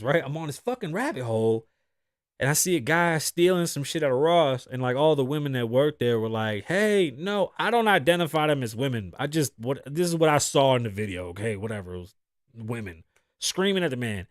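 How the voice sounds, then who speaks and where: A man's voice: fairly high pitch, no echo, studio quality. A man hosting his own podcast, telling stories in a loose, profane, rambling monologue. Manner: profane, rambling, animated storytelling. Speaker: podcast host. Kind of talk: casual monologue.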